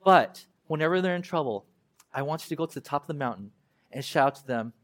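A man preaching a conversational sermon, animated and acting out voices of God and the prophet, laughing now and then. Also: a little high, fairly quick. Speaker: pastor.

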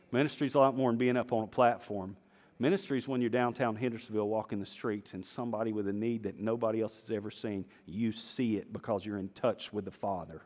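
Animated preacher in a reverberant hall. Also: male voice, medium pitch. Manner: animated storytelling, acting out voices, swings from hushed to loud. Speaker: pastor. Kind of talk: sermon. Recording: long reverb of a large hall.

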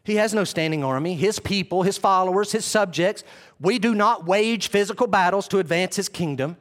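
A man preaching a sermon in an animated, conversational way, retelling scenes dramatically. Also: high voice, moderate pace.

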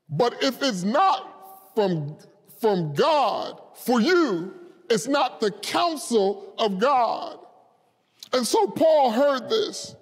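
A man preaching a sermon with passion, rising to shouts at the high points. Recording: long hall reverb.

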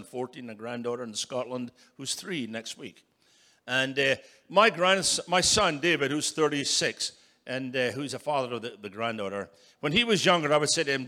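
A man in his sixties preaching as a guest speaker, emphatic and building to loud calls for an amen. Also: medium pitch. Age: 60s. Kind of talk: sermon.

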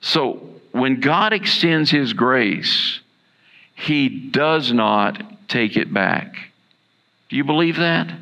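A man preaching a sermon as pastor, earnest and repeating key lines for emphasis, with a gravelly voice. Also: medium pitch, slow, bright, forceful tone.

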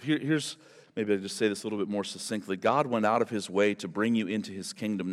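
A man preaching a sermon as pastor, in an animated, conversational way, often turning to people in the congregation. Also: lowish voice. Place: church hall. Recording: long hall reverb.

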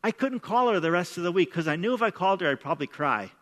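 A man's voice: high-pitched, lively intonation, fast talker, a bit bright. A middle-aged man preaching a sermon as pastor, speaking in an emphatic, conversational way and often repeating words as he starts sentences. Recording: long reverb of a large hall.

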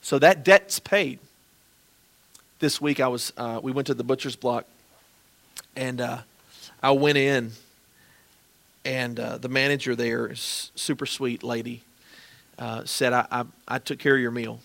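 A man preaching as a pastor, earnestly and gently pleading as he leads a closing prayer. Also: medium pitch, level tone, a little slow, vocal fry, pauses often.

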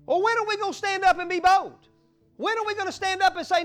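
Fiery high-voiced male preacher. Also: animated, fairly quick, a bit bright, soft background music. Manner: fiery, exuberant preaching with whoops and acted-out little scenes. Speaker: pastor. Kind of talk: sermon.

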